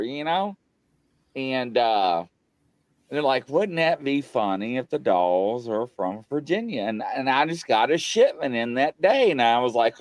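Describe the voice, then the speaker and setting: As a guest on a paranormal show, a man tells a story in casual chat, unhurried and with no echo. He's animated, acting out the quotes with big jumps in pitch.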